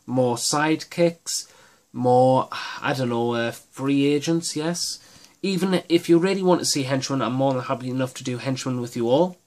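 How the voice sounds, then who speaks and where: A man hosting his own miniatures gaming channel, talking through tactics in a casual, rambling and enthusiastic way with many restarts. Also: mid-range voice.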